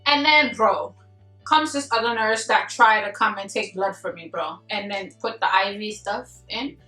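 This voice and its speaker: A young woman, casually telling a story to camera in an animated, slangy way, laughing and acting out what people said. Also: mid-range voice, moderate pace. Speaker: vlogger. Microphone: camera mic from a distance. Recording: echoey room, distant mic, faint music.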